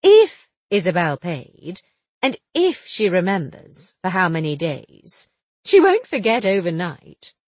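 A woman reading the lines of a quick-witted young woman amateur sleuth, chatty and teasing, with a breathy voice. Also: lowish voice, huge pitch swings, darkish tone, no room sound, pitched below the performer's own voice, heavily acted. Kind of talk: audiobook dialogue reading.

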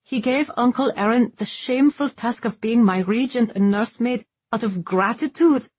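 A woman's voice: fairly high pitch, normal speed, darkish tone, slightly rough, no echo, pitched above the performer's own voice. A woman reading an audiobook voices a defiant young woman with sarcastic, biting retorts, her voice lifted above her narrating tone. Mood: bitter, defiant.

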